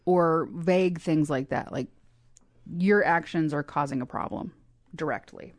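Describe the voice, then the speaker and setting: Casting: low-pitched sarcastic woman podcaster, dry close sound. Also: moderate pace, no room sound. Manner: sarcastic, laughs often. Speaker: podcast co-host. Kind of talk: casual chat recapping a cartoon.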